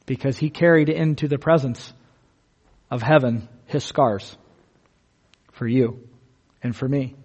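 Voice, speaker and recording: A man preaching a sermon in an earnest, vivid way, slowing down on key words. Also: mid-range voice, darkish tone. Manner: earnest, vivid, slows down for emphasis.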